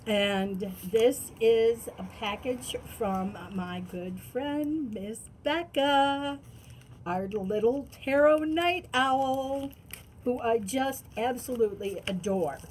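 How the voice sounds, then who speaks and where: Slow-talking, gushing woman unboxing. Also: a little high, a little hiss or hum, poor audio. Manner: gushing, gasping, breaks into delighted exclamations. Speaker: tarot channel host. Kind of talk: unboxing vlog.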